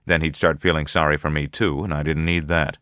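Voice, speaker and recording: A man narrating a first-person audiobook in a measured, low-key, matter-of-fact way. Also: flat delivery, fairly bright tone, clean tone, no echo, clean studio sound.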